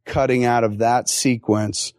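At a live Q&A, a man answers audience questions with animated, profane storytelling, tossing in quick asides and acted-out quotes. His pitch is medium, and the recording is dry with clean studio sound.

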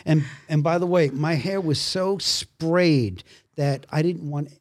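A man from Brooklyn, a podcast guest telling a story in a lively way and acting out the other people's voices. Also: fairly high pitch, slow pace, dry recording, studio quality. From Brooklyn, New York. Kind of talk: storytelling conversation.

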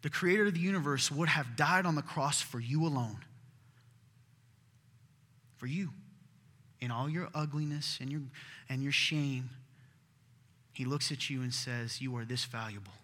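A male pastor preaching a sermon in an earnest, conversational way, swinging from loud to hushed. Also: fairly high pitch, a little slow, pauses often. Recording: long reverb of a large hall.

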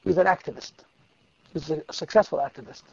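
A man telling a Hasidic story to listeners in an animated, emphatic way, repeating words for stress. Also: on the high side, fast talker, creaky, husky, dry recording. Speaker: religious storyteller. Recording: dull lo-fi, dry recording.

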